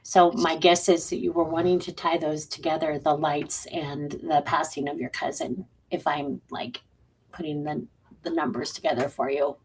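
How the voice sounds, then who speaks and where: A woman's voice: sits low, level tone, normal speed, slight background noise. A woman co-hosting a live stream, joking loosely and answering viewer questions about spiritual signs. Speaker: co-host and intuitive reader. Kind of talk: casual live-stream chat.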